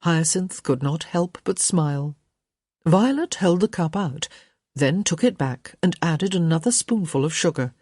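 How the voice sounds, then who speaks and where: Breathy woman narrating a romance audiobook. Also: deep voice, a little mellow, no echo, clean studio sound. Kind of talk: scripted narration.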